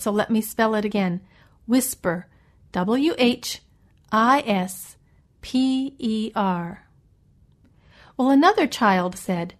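A woman teaching English vocabulary in a patient, explaining way, spelling each new word out letter by letter as she goes through a story. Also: fairly high pitch. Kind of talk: slow vocabulary lesson around a read-aloud story.

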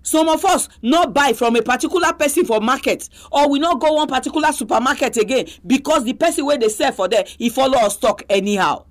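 A woman's voice: sits high, brisk, hardly any pauses. A woman with a Nigerian accent preaching a sermon, exhorting her listeners with pointed rhetorical questions.

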